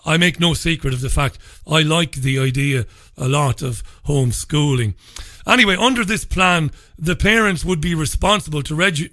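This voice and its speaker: A man's voice: fairly high pitch, fairly bright tone, dry recording. A man from England, hosting a talk radio show from a studio and speaking in an opinionated, conversational way. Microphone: studio microphone.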